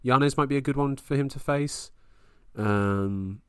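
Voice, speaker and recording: A man co-hosting a casual fight podcast, excitable, laughing often and swearing freely. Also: mid-range voice, unhurried, clean tone, no room sound, studio quality. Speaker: podcast co-host.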